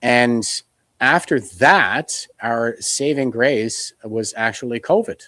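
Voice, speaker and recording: A man's voice: medium pitch, slow pace, sharp tone, no room sound. A man from Canada, a guest in a casual interview, talking earnestly and retelling past conversations with many restarts.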